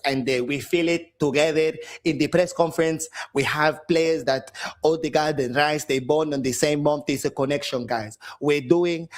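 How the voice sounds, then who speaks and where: A man putting on a mocking impression of a soft-spoken football manager who keeps repeating himself. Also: a little high, natural voice. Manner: mock-earnest, repeating "guys".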